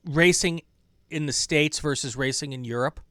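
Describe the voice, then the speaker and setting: A man's voice: a little high, moderate pace, fairly bright tone, no echo, studio quality. A man hosting an interview podcast who asks questions in a conversational, appreciative manner. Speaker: podcast host.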